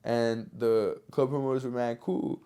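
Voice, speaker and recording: A man hosting a podcast, telling a story in casual chat, animated and swearing freely. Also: mid-range voice, measured pace, smooth. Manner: animated, swears often, slangy. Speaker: podcast host.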